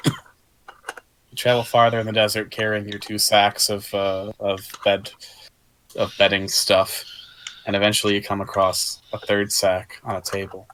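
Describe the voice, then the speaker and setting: A man narrating a tabletop role-playing game as game master, in a playful, relaxed storytelling manner. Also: lowish voice, a little slow.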